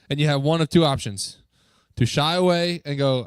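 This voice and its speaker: A man talks to a youth group in a church, upbeat and joking as he coaxes the crowd with quick questions. His voice sits a little high for a man, and the sound is close and dry. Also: clean tone, dry recording. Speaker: youth pastor. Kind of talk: lively talk to a youth group.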